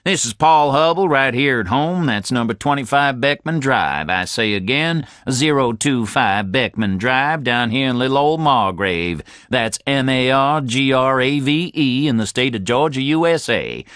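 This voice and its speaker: A man's voice: mid-range voice, animated, unhurried, hardly any pauses, a bit bright, smooth, no room sound, clean studio sound, pitched above the performer's own voice. A man voicing a confident, jocular southern man on the phone, with a Southern US accent. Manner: breezy, jokey, self-assured.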